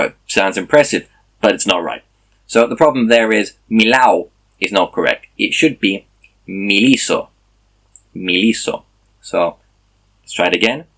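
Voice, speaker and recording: A man's voice: fairly low pitch, fairly bright tone. A man speaking, casually recording a video diary about learning a language, tired and explaining as he goes. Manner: chatty, explanatory, self-correcting.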